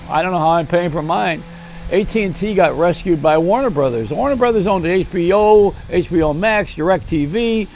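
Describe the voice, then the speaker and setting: Rambling older man with a gravelly voice. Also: high voice, lively intonation, normal speed, darkish tone, faint music behind. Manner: rambling, self-mocking, chuckling at own jokes. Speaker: host. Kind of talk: rambling comedic monologue.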